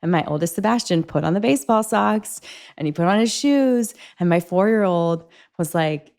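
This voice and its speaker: Chatty woman host, slightly low voice. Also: normal speed. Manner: animated storytelling, many filler "like"s, laughs along. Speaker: podcast host. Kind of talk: conversational podcast interview. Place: home kitchen.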